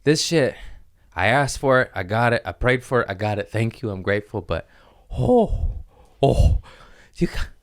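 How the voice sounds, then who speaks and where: A man hosting a casual podcast, ranting loudly and profanely, rambling and laughing at his own jokes into a studio mic. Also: lowish voice, fairly quick. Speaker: podcast host.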